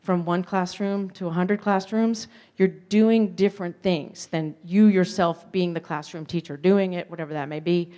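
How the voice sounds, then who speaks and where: A woman's voice: on the low side, fairly even intonation, moderate pace, hardly any pauses, dark tone. A woman giving a conference keynote, telling her story candidly with self-deprecating asides. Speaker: keynote speaker. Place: conference hall.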